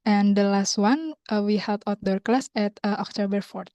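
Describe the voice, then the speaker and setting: Mellow young Indonesian woman hosting. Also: mid-range voice, no room sound, dull audio. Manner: unhurried, with hesitant learner phrasing. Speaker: community host. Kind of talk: online class announcements. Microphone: video call.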